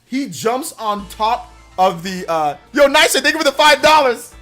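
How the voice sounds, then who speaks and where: High-voiced young man telling stories on stream. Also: sing-song, unhurried, bright, forceful tone, faint music behind. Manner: rambling storyteller, reads out donations. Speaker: livestream host. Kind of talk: casual livestream chat.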